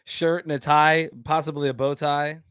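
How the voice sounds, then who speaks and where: Joking male podcast co-host, profane, high and animated, dry sound. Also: moderate pace, clear, resonant tone, no echo. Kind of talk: casual banter.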